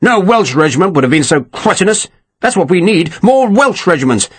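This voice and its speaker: Male narrator as irascible old Welsh general: high-pitched, husky, swearing, scornful bluster. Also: very animated, a little fast, no echo, full character voice. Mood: furious.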